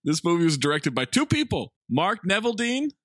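A man's voice: high voice, sing-song, normal speed, fairly bright tone, no room sound, studio quality. A man hosting a casual comedy podcast, running through cast lists with playful emphasis. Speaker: podcast host.

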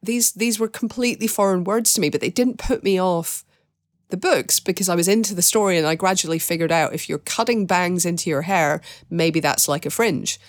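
A woman with a lowish voice hosts a casual film chat. She talks in long, reflective sentences that wind as she works through her thoughts. The sound is close and dry, with no room around it. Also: brisk, no echo. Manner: reflective, thinks aloud in long winding sentences. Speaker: podcast host and film critic.

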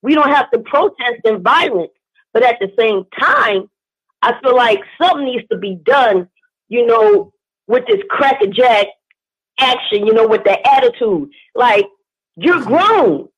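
A woman's voice: a little high, big pitch swings, measured pace, breathy edge. Young woman calling in, lots of ums, earnest, dull phone sound. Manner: earnest, many "um"s and "I feel like". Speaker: caller. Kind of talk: call-in opinion. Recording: muffled phone line.

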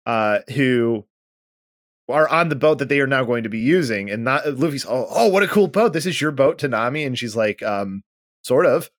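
A man co-hosting a podcast, casually recapping a manga and acting out the characters' lines with lively energy. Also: mid-range voice, moderate pace, no room sound, studio quality. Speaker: podcast co-host.

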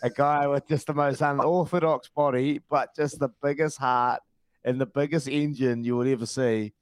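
A man's voice: mid-range voice, fairly even intonation, normal speed, smooth. A man hosting a radio interview, hearty and matey. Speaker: radio show host.

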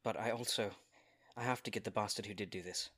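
A man's voice: on the low side, fairly even intonation, fast, sharp tone, no echo, studio quality. A man playing his character in a tabletop game, earnest and pleading. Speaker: player.

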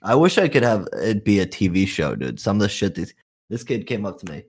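A man's voice: lowish voice, very animated, brisk, husky. A young man, a youth program counselor, telling profane stories in a rambling casual chat full of "like" and "dude".

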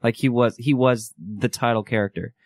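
A man's voice: mid-range voice, steady tone, normal speed, dry recording, clean studio sound. A man co-hosting a casual chat, offering opinions hesitantly with many fillers. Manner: hesitant, lots of "I think" and "like".

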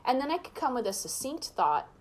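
A woman's voice: high voice, big pitch swings, a little fast, background noise. A woman hosting a podcast, chatting casually and reflectively with her guests. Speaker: podcast host. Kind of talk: casual interview chat.

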